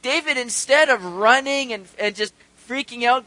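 A man preaching a sermon, reading scripture aloud and swinging between quiet earnest talk and loud urgent bursts. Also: extremely high pitch, moderate pace, no echo, poor audio. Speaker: pastor.

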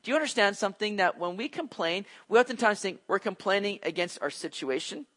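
A man preaching a conversational sermon. He is animated, drops in casual asides and acts out the voices of the people he describes. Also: high voice, brisk. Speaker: pastor. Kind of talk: expository sermon.

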